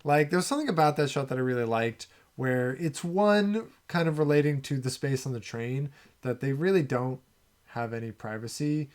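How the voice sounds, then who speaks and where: A man on a film discussion podcast, thinking out loud as he walks through a scene. He speaks in a middling voice, loose and conversational, with frequent "like" and "uh" fillers. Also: mid-range voice, moderate pace. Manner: relaxed, thinking aloud with many fillers. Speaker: podcast co-host.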